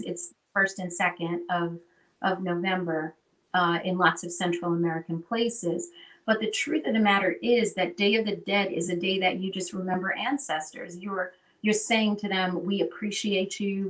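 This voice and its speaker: A woman teaching in an animated, conversational way, often checking in with "right?". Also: lowish voice, distant mic, rough recording. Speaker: guest teacher.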